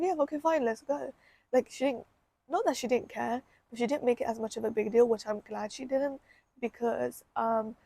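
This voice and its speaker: Young woman vlogger, candid and emotional, husky mellow voice, creaky edges, dry close sound. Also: on the high side, dry recording. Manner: emotional, candid, repeats herself. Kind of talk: personal storytime vlog.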